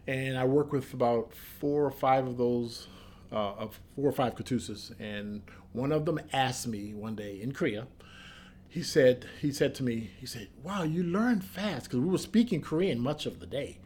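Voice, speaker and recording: In an interview, an American man who once served as an Army soldier and Korean linguist tells lively stories from his past, acting out quoted dialogue and often repeating or restarting. His voice is medium-pitched and moderately paced, with slight background noise.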